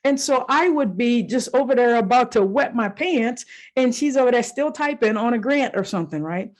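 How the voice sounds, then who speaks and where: A woman's voice: on the high side, normal speed. A woman life coach hosting a solo podcast, telling personal stories in a casual, candid way with the odd swear word and acting out her own inner voices. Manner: animated storyteller who acts out her own inner voices.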